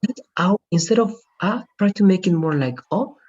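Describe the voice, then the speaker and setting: A man's voice: high voice, animated, a little mellow. Patient male English teacher, lo-fi call. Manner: patient, corrective, repeats words slowly to model pronunciation. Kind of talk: online class, pronunciation coaching. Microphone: video call. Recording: dull lo-fi video call audio.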